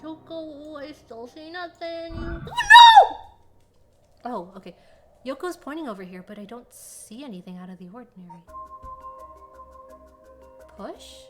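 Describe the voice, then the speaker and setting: A woman streaming a horror game, reading the dialogue aloud and reacting dramatically. She swings between hushed whispers and sudden yelps. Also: a little high, animated, normal speed, pauses often, music in the background.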